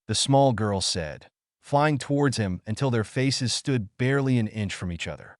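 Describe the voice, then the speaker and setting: A man narrating a fan fiction story with an expressive reading. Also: mid-range voice, moderate pace, dry recording, clean studio sound.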